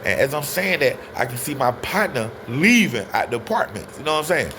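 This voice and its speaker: A man telling a personal story in a casual, animated way, often turning to his listeners. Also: medium pitch, fairly quick, noisy background. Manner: animated, addresses listeners as y'all. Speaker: storyteller guest.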